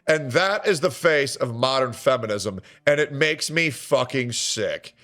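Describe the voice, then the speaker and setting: A man's voice: mid-range voice, animated, a little slow, few pauses, fairly bright tone. A man streamer giving a ranting reaction commentary, sarcastic and indignant, swearing often.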